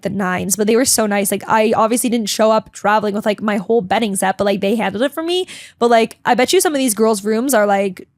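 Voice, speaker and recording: A chatty, dramatic young woman telling a casual vlog story, full of "like" and quick asides. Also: on the high side, no echo, studio quality. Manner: chatty and bubbly, heavy use of "like", dramatic; talks a lot, emotional. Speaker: vlogger.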